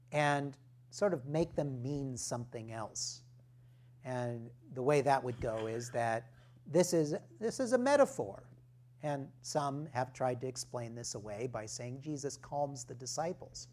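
A male pastor preaching a sermon, deliberate and emphatic, with rhetorical questions and firm points. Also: mid-range voice, darkish tone.

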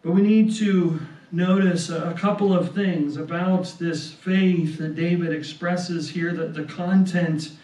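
Man, preacher, sermon, high voice, roomy echo, distant mic. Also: mellow. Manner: slow and deliberate, often repeats words and adds "right?".

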